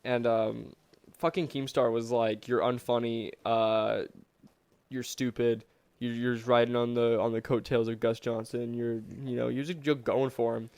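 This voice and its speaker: A man's voice: medium pitch, little pitch movement, normal speed, a little mellow, clear, resonant tone, dry recording. A young man co-hosting a podcast, chatting casually with sarcastic jokes and frequent swearing. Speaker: podcast co-host. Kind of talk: casual chat.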